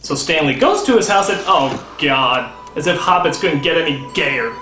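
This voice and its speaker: A man's voice: on the high side, lively intonation, normal speed, reverberant, over music. A man hosting a comedic film review, ranting and swearing in exasperation. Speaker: host.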